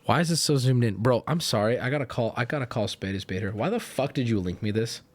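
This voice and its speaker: A man's voice: mid-range voice, expressive, quick pace. A man hosting a livestream, chatting casually with his viewers in a rambling, profane way. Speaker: streamer host.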